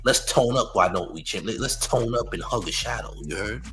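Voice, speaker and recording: A man's voice: on the low side, lively intonation, brisk, over music, low-quality recording. A man hosting a live-stream news show, mocking a critic in loose slangy commentary and leaning on "champ" and "you heard".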